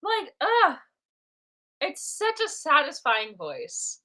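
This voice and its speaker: Young woman streamer, high lively voice with a bright edge, playful self-talk over her drawing. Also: slow pace. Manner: playful, talks to herself while drawing. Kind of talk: casual live drawing stream chat.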